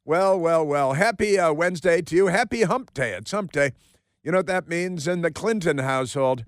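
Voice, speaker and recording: Guy doing talk radio, snarky and mocking, kinda high voice, dry studio sound. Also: normal speed, clear, resonant tone, no echo. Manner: sarcastic, mocking, repetitive asides. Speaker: radio talk show host. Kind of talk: opinionated talk radio monologue. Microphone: studio microphone.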